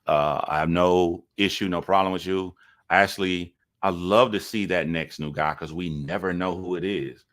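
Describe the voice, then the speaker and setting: A man's voice: low-pitched, a bit bright. A man giving casual reaction commentary to a video, talking in an earnest, rambling way with some swearing.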